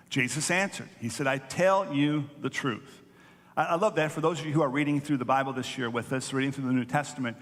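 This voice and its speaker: A male pastor delivers a sermon in a church sanctuary, with his slightly high voice carrying a long echo around him. He speaks earnestly, repeating key phrases for emphasis and lifting his voice when quoting others. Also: fairly bright tone. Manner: earnest preaching, repeats phrases for emphasis, rises on quoted lines. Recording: echoey church hall.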